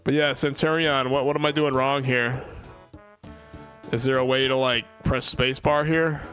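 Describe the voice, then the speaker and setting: Over faint background music, a young man with a medium-pitched voice talks at normal speed to his viewers while streaming a game. He's excitable, swears a lot, laughs in bursts, gets worked up, and keeps addressing the chat.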